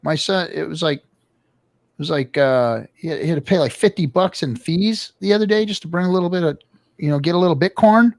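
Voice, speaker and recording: A man's voice: a little high, a little fast, gravelly, darkish tone, no echo. A middle-aged man from the United States hosting a casual livestream chat, rambling and profane as he tells stories. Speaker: podcast host.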